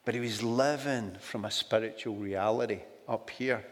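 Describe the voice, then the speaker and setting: A man's voice: on the low side, fairly even intonation, moderate pace. A Scottish man preaching a sermon in a storytelling way, often adding "do you know" asides. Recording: long hall reverb.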